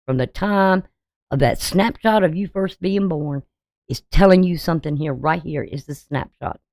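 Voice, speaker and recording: A woman astrologer talks her viewers through a coming forecast. Her voice sits somewhat low, and the sound is dry with no room around it. She is emphatic and a little preachy, leaning on rhetorical questions to drive her points home. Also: normal speed, a little mellow, no echo. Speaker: astrologer and tarot reader.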